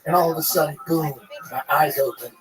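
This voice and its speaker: Profane, animated man telling a story. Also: on the high side, a little fast, over music, rough recording. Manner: animated, profane, rambling with restarts. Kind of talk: casual storytelling.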